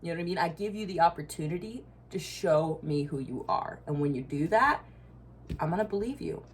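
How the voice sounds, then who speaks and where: Low-voiced, blunt, swearing woman. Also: expressive, brisk, slight background noise. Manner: blunt, profane, frequent asides and laughs. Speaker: tarot reader. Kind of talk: casual collective tarot reading.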